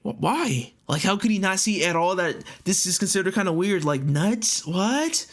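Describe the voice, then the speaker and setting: A man's voice: high voice, brisk. A young man giving casual reaction commentary, incredulous and profane, mocking what he reads with frequent outbursts. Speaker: commentary YouTuber.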